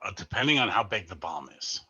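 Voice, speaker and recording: Bright, lively man playing a tabletop game. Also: low-pitched, fast talker, slightly rough, muffled recording. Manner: eager, lively, laughs often. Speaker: player.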